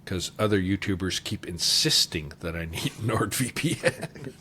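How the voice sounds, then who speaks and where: A man's voice: on the low side, very animated, takes it slowly, bright, forceful tone, a little hiss or hum. A man from Canada co-hosting a livestream, reading out viewer questions in an easygoing, often laughing way. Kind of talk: casual livestream Q&A chat.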